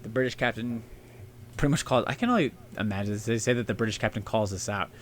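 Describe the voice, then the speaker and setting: A man's voice: fairly low pitch, fast talker, a little hiss or hum. A man co-hosting a casual history podcast, rambling and swearing as he tells the story. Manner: rambling, profane, puts on silly shouting voices for historical figures. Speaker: podcast co-host.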